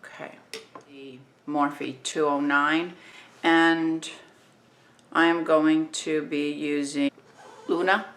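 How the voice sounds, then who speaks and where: A woman in her fifties with a New Jersey accent, talking through a makeup tutorial in a relaxed, chatty way while she works. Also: sits low, slow, pauses often. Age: 50s.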